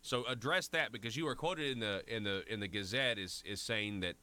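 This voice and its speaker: A man's voice: on the low side, brisk, pushed and bright. Southern man hosting talk radio. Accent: Southern American. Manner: laughing, chatty and joking. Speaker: radio talk show host.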